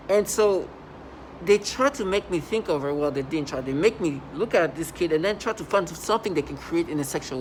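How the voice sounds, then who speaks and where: A man talking in a rambling vlog monologue, halting and restarting, with sudden loud agitated outbursts. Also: sits high, a little hiss or hum, poor audio. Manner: halting, many restarts and fillers. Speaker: vlogger.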